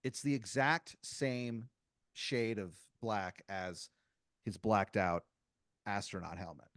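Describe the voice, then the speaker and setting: A man's voice: lowish voice, fairly even intonation, takes it slowly, fairly bright tone, no room sound, studio quality. A man co-hosting a comedy podcast, narrating an improvised scene in second person. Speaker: podcast co-host running the improv.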